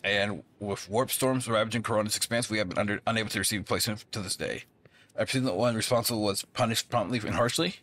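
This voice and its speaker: A man's voice: lowish voice, quick pace, a bit bright, lightly acted. A man reading the lines of a haughty, stern woman chancellor in a stiff, formal way.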